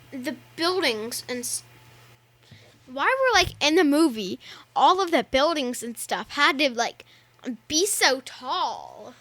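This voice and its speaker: A young girl chatting on a podcast as a guest, giggling often and talking in a drawn-out way. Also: high-pitched, a bit bright. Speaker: guest, host's daughter. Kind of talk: casual podcast chat.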